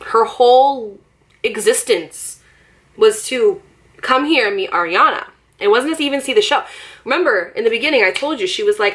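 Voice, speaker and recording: A young woman vlogger in casual storytime chat, animated and laughing as she talks, with many fillers and voiced quotes. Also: a little high, moderate pace.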